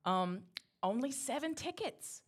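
A woman's voice: high-pitched, very animated, unhurried, breathy edge. A woman in her forties from north Florida with a Southern accent, a hospital radiology worker chatting in a friendly, easygoing way in an interview. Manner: friendly, chatty, laughs easily. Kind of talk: casual interview chat.

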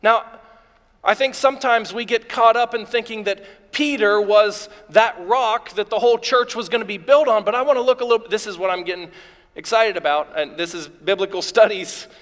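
Very high-voiced excitable preacher man. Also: normal speed. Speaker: pastor. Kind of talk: live sermon. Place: church sanctuary before a congregation. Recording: long reverb of a large hall.

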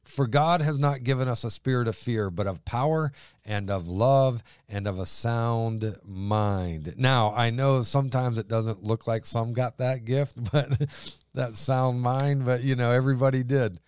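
A man's voice: medium pitch, a little slow, darkish tone, clear, resonant tone, dry recording. A man co-hosting a faith talk who reads scripture aloud and repeats words for emphasis. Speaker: co-host reading scripture.

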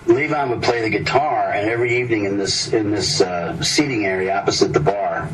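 Man, rambling anecdotes, self-interrupting, lowish voice, distant mic, noisy background. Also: brisk, a bit bright. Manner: meandering, self-interrupting, often breaks off mid-sentence; chuckles at his own stories. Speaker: storyteller.

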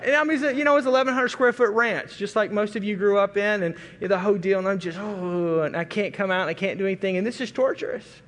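A middle-aged man from Arkansas preaching a sermon, telling a folksy, animated story and acting out family voices. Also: high-pitched, fast, hardly any pauses. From Arkansas, USA. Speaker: pastor. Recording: long reverb of a large hall.

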